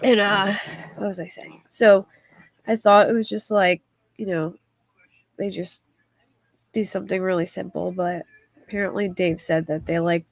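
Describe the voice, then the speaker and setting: A woman's voice: medium pitch, fairly even intonation, moderate pace, long pauses, dry recording. A woman hosting a casual livestream, chatting in a rambling way and reading viewer comments aloud. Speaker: livestream host.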